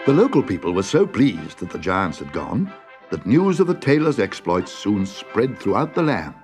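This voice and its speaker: Expressive male storybook narrator. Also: lowish voice, normal speed. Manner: expressive, dramatic. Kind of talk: storybook reading. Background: music.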